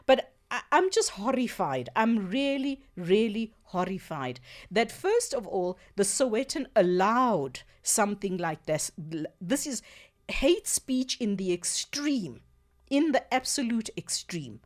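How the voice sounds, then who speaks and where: A woman's voice: a little high, big pitch swings, slow. A woman hosting a radio talk show, speaking earnestly and emphatically as she thinks aloud in the studio.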